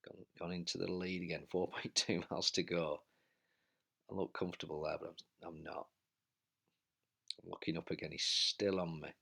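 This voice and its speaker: A man's voice: low voice, little pitch movement, normal speed, vocal fry, pauses often, pushed and bright, breathy edge. A man commentating on his own indoor bike race as he rides, out of breath and urging himself on. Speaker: cycling vlogger. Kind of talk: live race commentary while riding.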